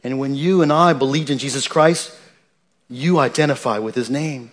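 A man's voice: medium pitch, normal speed. A man, a pastor, preaching an earnest, emphatic sermon with frequent restarts and repetitions.

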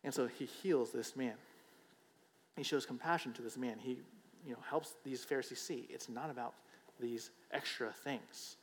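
A man's voice: medium pitch, normal speed. Conversational man preaching in an echoing hall. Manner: conversational, emphatic, repeats "right?". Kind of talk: sermon. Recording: long hall reverb.

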